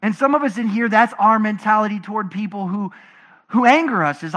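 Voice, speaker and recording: High, bright-voiced animated man preaching. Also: brisk. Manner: animated preaching, swinging from loud emphatic to low and quiet. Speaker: pastor. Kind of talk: sermon.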